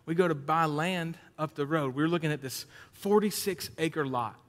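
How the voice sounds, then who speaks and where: A man preaching a sermon, shifting between loud emphatic points and low conversational storytelling. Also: normal speed. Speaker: pastor. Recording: long hall reverb.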